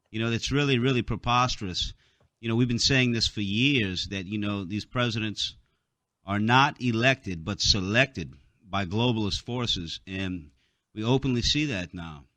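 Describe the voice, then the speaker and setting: A man's voice: on the low side, a bit bright, no room sound. A man hosting a talk radio show, rambling through a casual monologue with many fillers, and he has the hiccups.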